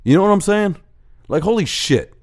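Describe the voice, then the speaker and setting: A man's voice: high voice, very animated, normal speed. A man hosting a ranting monologue, profane and heated, acting out bits of dialogue as he goes. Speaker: host of a rant show.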